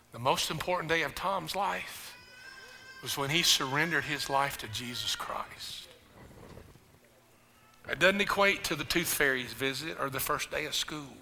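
An older man, a pastor, preaching a sermon, telling a personal story and then rising into loud, impassioned preaching. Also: fairly high pitch, measured pace, creaky. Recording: reverberant hall with faint music.

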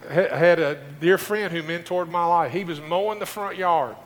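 A man's voice: high-pitched, normal speed. A middle-aged male pastor preaching a folksy sermon, speaking directly to his congregation. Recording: distant voice in a reverberant hall.

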